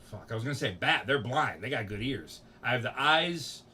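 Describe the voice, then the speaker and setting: A man's voice: medium pitch, animated, normal speed, pushed and bright, a little hiss or hum. A young man, rambling and joking profanely as he chats with his livestream audience. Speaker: streamer. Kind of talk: casual livestream chat.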